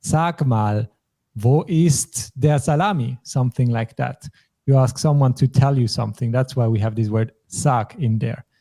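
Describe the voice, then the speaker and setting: A man's voice: mid-range voice, unhurried, mellow. A man from German-speaking Europe hosting a language lesson, patiently explaining phrases and vocabulary step by step. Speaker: language teacher.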